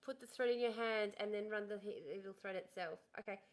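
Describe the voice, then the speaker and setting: A woman's voice: medium pitch, steady tone, brisk. A young woman livestreaming from home, chatting frankly and casually straight to her viewers into a desk microphone. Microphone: desk streaming microphone.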